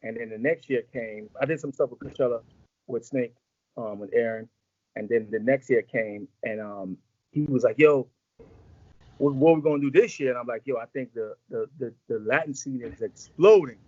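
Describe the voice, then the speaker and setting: A man's voice: mid-range voice, normal speed, a little mellow, no echo, lo-fi sound. A man in a casual interview, telling long rambling stories full of slang and acted-out quotes. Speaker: music executive guest.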